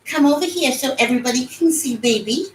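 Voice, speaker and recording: A woman's voice: high voice, a little fast, reverberant, noisy background. A woman casually vlogging from her bed, slightly out of breath and cooing baby talk at her dogs. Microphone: phone camera.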